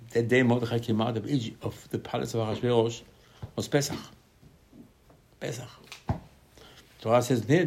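A man giving a Torah class sermon, animated, asking and answering his own questions, with sudden loud emphasis on key lines. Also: medium pitch. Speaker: Torah teacher.

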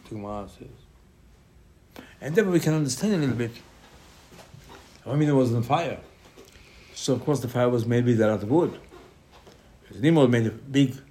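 A man giving a Torah lesson, telling the story in lively dialogue and repeating key phrases for emphasis. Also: mid-range voice. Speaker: rabbi.

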